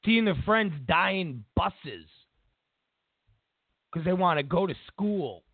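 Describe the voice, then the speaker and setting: Animated high-voiced male host, tinny audio. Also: takes it slowly, no room sound. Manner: animated, mocking rant. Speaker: show host. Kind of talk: opinionated political commentary. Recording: tinny phone-like dry audio.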